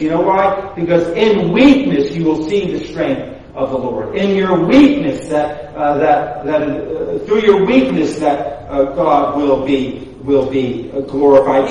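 High-voiced preacher in an echoey church. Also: male voice, animated, a little mellow. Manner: repetitive, halting with many fillers, emphatic. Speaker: pastor. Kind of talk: sermon. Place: church sanctuary. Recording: echoey hall, distant mic.

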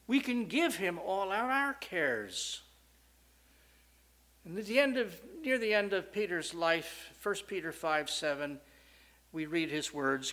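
A man preaches a sermon, swinging from loud, rising questions to soft, low statements, all with strong emphasis.

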